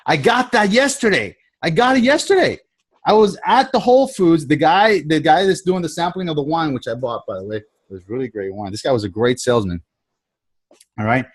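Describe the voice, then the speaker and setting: A man's voice: fairly high pitch, expressive, brisk, husky. A man leading a group video call as a sales trainer, talking casually, rambling and often restarting and repeating his phrases. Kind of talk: casual coaching talk.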